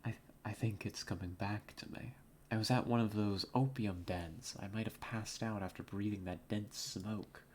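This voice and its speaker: A man's voice: on the low side, fairly even intonation, moderate pace, darkish tone, a little hiss or hum, close to an everyday voice. A man voicing a shaken young investigator in his own plain voice, reading game dialogue aloud in an earnest, uneasy way.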